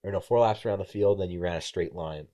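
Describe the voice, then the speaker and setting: A young man with a very low, mellow voice, spinning a casual story on a podcast. He acts out other people's lines as he goes and swears freely. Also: fast talker, muffled recording. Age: young adult. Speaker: podcast guest, college baseball player.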